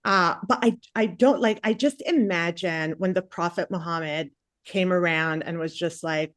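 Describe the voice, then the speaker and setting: A woman doing a stand-up comedy set on stage, chatty and self-mocking with animated asides. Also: fairly low pitch, normal speed, no room sound. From Palestinian family. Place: comedy stage before a live audience.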